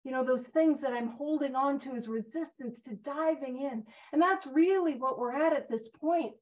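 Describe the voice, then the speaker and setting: A woman's voice: high-pitched, normal speed. A woman leading a recovery Big Book study in a casual, joking, self-deprecating way. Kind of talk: casual recovery-meeting teaching. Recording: muffled lo-fi recording.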